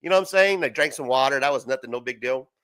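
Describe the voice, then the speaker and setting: A young man hosts a laid-back livestream from home, rambling through stories full of profanity and frequent laughter. He talks quickly in a mid-range, fairly bright voice, and the recording is dry.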